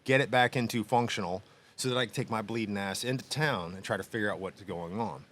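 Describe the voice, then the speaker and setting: Low-voiced man telling a wild story. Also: fairly quick, slight background noise. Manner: animated storyteller, acts out quoted voices, laughs often. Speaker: podcast co-host. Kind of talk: casual storytelling chat. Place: small machine shop studio.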